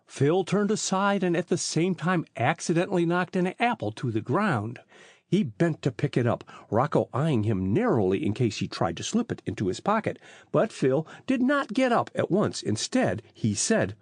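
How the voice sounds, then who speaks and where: A man narrating an audiobook in a lively, expressive reading style on a close mic. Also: fairly high pitch, normal speed, no echo. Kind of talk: storybook narration.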